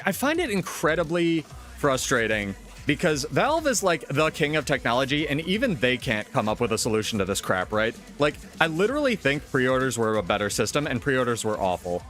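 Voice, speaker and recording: A man's voice: a little high, very animated, moderate pace, fairly bright tone, faint music behind. Profane, ranting male streamer. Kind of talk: casual live-stream chat.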